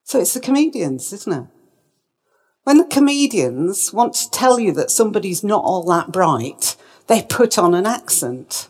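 A woman giving a presentation talk, emphatic and lively, putting questions to her audience. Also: medium pitch, unhurried, breathy edge. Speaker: speaker.

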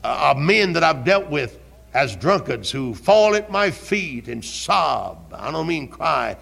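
An older man preaching a fervent sermon as pastor in a church, repeating his questions and rising to shouts. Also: mid-range voice, vocal fry, slightly rough. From American South. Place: church sanctuary. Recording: 1971 archival church recording.

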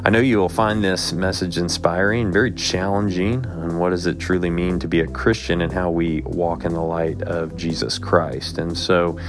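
A man's voice: sits low, fairly even intonation, normal speed, few pauses. A man introducing a sermon as one of the church's pastors, in a welcoming, announcement-style delivery. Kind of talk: scripted introduction. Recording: clear music underneath.

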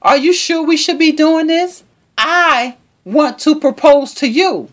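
A woman voicing a confused young boyfriend, raising her voice high and making him sound whiny. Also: slow, a bit bright, full character voice. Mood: uneasy.

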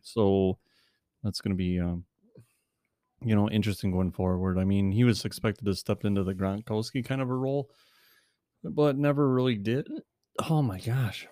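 A man's voice: fairly low pitch, normal speed, mellow, no room sound, studio quality. A man casually chatting about fantasy football as a podcast co-host, rambling with many fillers and restarts, and he has the hiccups.

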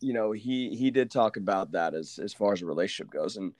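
A man from Oklahoma hosting a casual podcast chat, telling stories with lively asides and mimicking the people he quotes. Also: fairly low pitch, a little fast, no echo. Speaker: podcast host.

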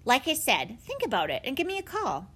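A woman's voice: sits high, huge pitch swings, fairly quick, a bit bright, breathy edge, voice pushed up, heavily acted. A woman voicing a nervous, pushy middle-aged man who hesitates and talks eagerly in a storybook reading.

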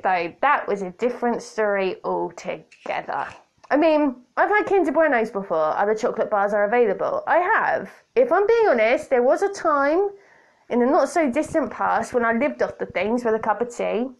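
A woman's voice: fairly high pitch, sing-song, normal speed. A woman hosting a solo podcast in a chatty, playful, self-mocking way, recorded on a hands-free kit mic. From Britain. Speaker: podcast host. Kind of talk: casual solo podcast chat. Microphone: borrowed hands-free kit headset.

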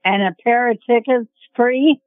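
A woman's voice: on the high side, measured pace, dry recording. A woman calls in to a radio show and asks casual questions about an offer. Her voice comes through a tinny phone line. The sound is dry, with no room around it. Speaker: caller.

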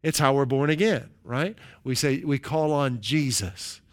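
A man preaching a sermon as pastor, leading his congregation through slow, emphatic call-and-response lines. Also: on the high side, smooth.

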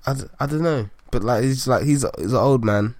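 A man's voice: medium pitch, fairly quick, a little mellow, dry recording. A man in casual podcast chat, slangy and rambling. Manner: slangy, rambling, laughs easily.

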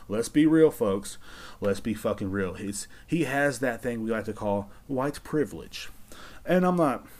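A man's voice: mid-range voice, expressive, measured pace, darkish tone. A man hosting his own podcast, ranting in a rambling, sarcastic, profane way. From United States. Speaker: podcast host. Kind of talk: casual solo podcast rant.

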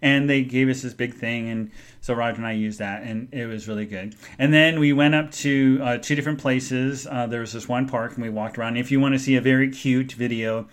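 A man hosting a podcast, telling a story in a casual chat and acting out the people in it with sudden jumps in pitch and loudness. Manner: animated, acts out quoted people with big jumps in pitch and loudness. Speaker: podcast host.

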